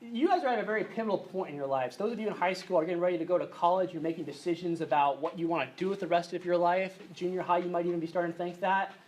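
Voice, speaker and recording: A man speaking at a youth conference seminar, conversational and shifting between hushed and animated. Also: high-pitched, very fast, few pauses. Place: conference hall with an audience.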